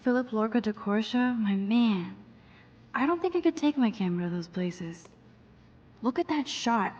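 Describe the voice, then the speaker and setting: A woman voicing a shy, introspective young photography student in a video game, murmuring her thoughts quietly to herself. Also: on the high side, animated, moderate pace, highs cut off. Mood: musing. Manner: quiet, self-mumbling inner monologue.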